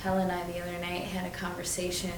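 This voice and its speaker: Woman, low monotone tribute; far mic. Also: quick pace. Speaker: friend giving a tribute. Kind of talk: reflective casual chat. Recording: echoey room, far mic, background noise.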